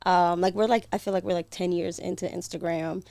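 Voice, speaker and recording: A woman's voice: on the low side, fairly even intonation, a little fast, mellow, no room sound. A woman co-hosting a podcast, speaking thoughtfully and confessionally with easy laughs. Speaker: podcast co-host. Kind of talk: candid podcast conversation.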